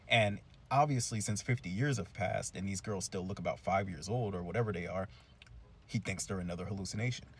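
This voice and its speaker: A young man casually recapping a cartoon episode in a chatty, slangy, animated way. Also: deep voice, brisk, breathy edge. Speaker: cartoon reviewer.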